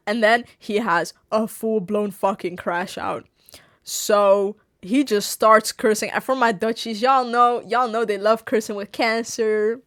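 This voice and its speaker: A woman streamer telling a story to her viewers in a casual chat, animated, laughing often and swearing freely. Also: on the high side. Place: home streaming setup.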